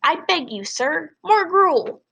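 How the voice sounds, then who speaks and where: A woman's voice: very high-pitched, big pitch swings, takes it slowly, gravelly, pushed and bright, far from the mic, voice pushed up, exaggerated voice. A woman doing a small boy begging theatrically. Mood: pleading. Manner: mock-pleading, theatrical. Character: small sickly boy, eager and joking.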